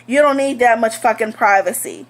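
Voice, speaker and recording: A woman's voice: on the high side, normal speed. A young woman telling a storytime vlog in a blunt, heated, profane way. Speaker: vlogger.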